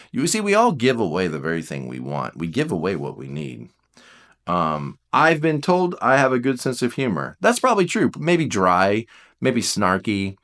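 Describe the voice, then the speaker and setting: A man talks casually about personality types as a coach, his lowish voice swinging widely in pitch. He jumps into playful mock voices of his listeners, then slows and goes quiet to stress a point. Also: sing-song. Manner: drops to slow, quiet emphasis on key points. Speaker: Enneagram coach. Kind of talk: casual talk to camera.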